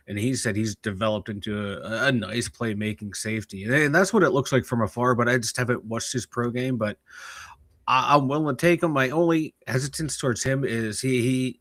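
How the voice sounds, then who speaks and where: A man co-hosting a live sports podcast with a Pittsburgh accent, excitable and quick to laugh, his loud bursts overloading the mic. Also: mid-range voice, no room sound. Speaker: podcast co-host. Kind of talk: casual live-stream chat.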